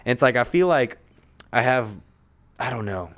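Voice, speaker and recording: A man with a smooth, resonant voice at an ordinary middle pitch tells a long, rambling story. His talk is loose and profane, packed with fillers. He is recorded in a conference room. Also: lively intonation, moderate pace, fairly bright tone. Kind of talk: casual storytelling chat.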